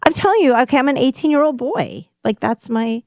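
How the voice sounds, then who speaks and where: A woman's voice: high-pitched, lively intonation, a little fast, darkish tone, no echo, studio quality. A woman who is a musician and podcaster, guesting on a radio show and playing along with easy, giggly answers. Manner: easygoing, giggly, plays along. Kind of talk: casual live radio interview.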